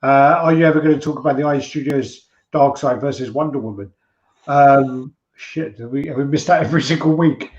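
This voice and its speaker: A man's voice: mid-range voice, brisk, a little mellow. Male co-host, loose swearing banter, muffled roomy stream sound. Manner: rambling, swearing, joke-telling. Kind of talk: casual livestream chat.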